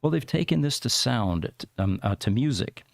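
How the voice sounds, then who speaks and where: Podcast host guy, kinda gravelly, rambles w lots of ums, dry close mic. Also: medium pitch, lively intonation, moderate pace, no room sound. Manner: rambling, explains terms with many fillers. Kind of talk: casual podcast commentary.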